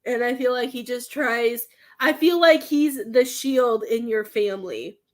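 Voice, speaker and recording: A woman giving a spiritual reading in a casual, halting way, repeating herself and fighting back tears. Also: on the high side. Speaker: psychic medium giving a reading.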